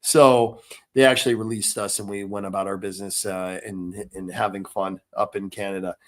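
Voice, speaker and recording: A man's voice: on the low side, steady tone, moderate pace. Rambling man hosting a podcast. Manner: rambling, with many fillers and restarts. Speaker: podcast host. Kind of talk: casual podcast chat.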